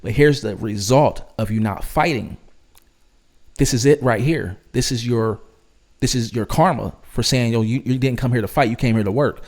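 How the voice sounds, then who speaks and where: A man's voice: medium pitch, normal speed, darkish tone. A man hosting a commentary channel, reacting to clips in an emphatic, argumentative, lecturing way.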